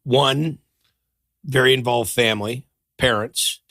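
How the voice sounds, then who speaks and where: A man's voice: mid-range voice, takes it slowly, dry recording, studio quality. A middle-aged man, a podcast guest, telling stories in casual chat and acting out the people he quotes. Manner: animated storyteller who acts out quoted voices. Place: podcast studio.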